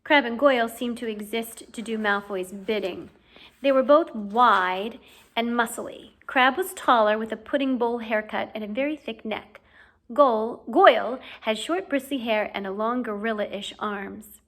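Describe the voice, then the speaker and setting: A woman reading a novel aloud as audiobook narration, in clear, steady storytelling. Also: a little high, a little slow. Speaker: audiobook reader.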